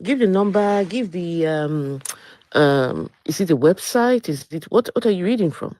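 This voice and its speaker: A woman's voice: fairly low pitch, animated, unhurried, warm tone, no room sound. A woman co-hosting a live stream debate, repeating her demands insistently.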